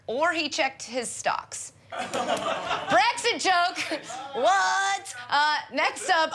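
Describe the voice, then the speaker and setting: A woman's voice: high voice, sharp tone, slight background noise. A woman hosting a comedic sports segment, sarcastic and joking, often laughing at her own lines. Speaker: host.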